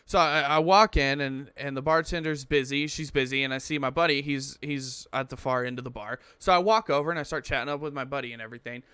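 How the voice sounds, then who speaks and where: A man on a podcast spins a rambling story with a bright, tense edge and crisp, smooth delivery. He swears freely and trips over restarts. The sound is dry and close. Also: medium pitch, fast, hardly any pauses, dry recording. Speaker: podcast co-host. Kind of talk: casual storytelling chat.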